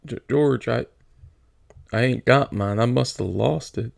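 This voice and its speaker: A man voicing a big, slow, childlike male farmhand who talks eagerly and stammers. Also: medium pitch, vocal fry, no room sound, clean studio sound. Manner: eager, stammering, simple-minded.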